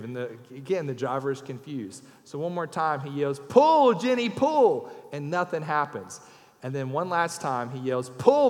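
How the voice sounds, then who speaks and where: A man, preaching a folksy sermon as a guest speaker and telling jokes. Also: on the high side. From Louisiana. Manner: folksy storyteller, raises his voice for punchlines. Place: church sanctuary. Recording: long church hall reverb.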